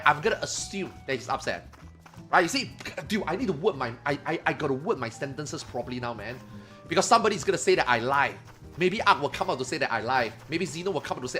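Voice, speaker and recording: A man streaming, telling a story to his chat in a casual, animated way, swearing and loudly acting out what others said. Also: a little high. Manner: animated retelling, acts out quotes loudly, swears, laughs.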